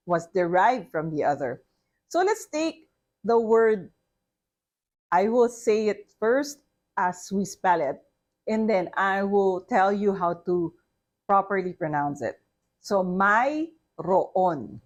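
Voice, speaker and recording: A woman teaching a language lesson to foreign learners, speaking slowly and deliberately and often checking understanding with "okay?". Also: mid-range voice. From Philippines.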